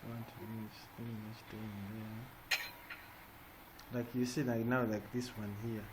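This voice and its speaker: A man's voice: fairly low pitch, little pitch movement, unhurried. A man teaching an online design class. He stops often to check in with "eh?" and "yeah?". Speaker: design trainer. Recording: noisy online call audio.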